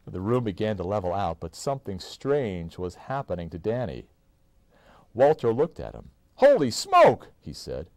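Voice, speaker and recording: A man reading a children's book aloud to his child, with expressive, animated storytelling. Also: on the low side, no room sound. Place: indoors.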